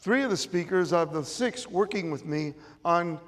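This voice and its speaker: A man's voice: high-pitched, lively intonation, moderate pace. A middle-aged man with a Chicago accent giving a motivational stage talk, emphatic and repeating his key phrases. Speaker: motivational speaker. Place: event room with audience. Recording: long reverb of a large room.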